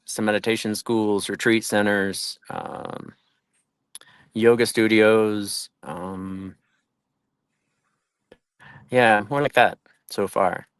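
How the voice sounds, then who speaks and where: A man's voice: on the low side, steady tone, slow pace, pauses often, clean tone, no echo. A man, a traveling yoga monk, chatting casually in an interview and acting out voices. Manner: chatty, acts out quoted voices, laughs often.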